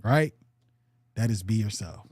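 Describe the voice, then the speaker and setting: Laid-back podcast host guy, mellow dark voice, dry close sound, lots of um and you know. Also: on the low side, animated, unhurried, no echo. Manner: loose, filler-heavy, checks in with "right?" and "you know". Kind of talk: casual podcast chat.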